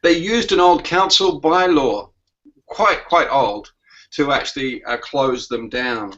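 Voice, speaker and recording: An Australian man telling a long story on a video call, halting often with uh and um. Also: mid-range voice, fairly bright tone, lo-fi sound. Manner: halting, full of "uh" and "um". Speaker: commedia performer.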